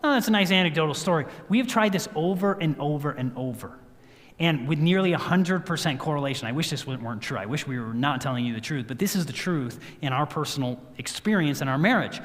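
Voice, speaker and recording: High-voiced man telling a story in church. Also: fast. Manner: storytelling, animated, acts out quotes. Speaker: guest speaker. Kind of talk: sermon-style health talk. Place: church sanctuary. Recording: church hall reverb.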